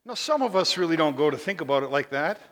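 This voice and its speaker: Bright high-voiced preacher in a reverberant hall. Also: male voice, fast. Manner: animated storytelling, with tag questions to the congregation. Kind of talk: sermon.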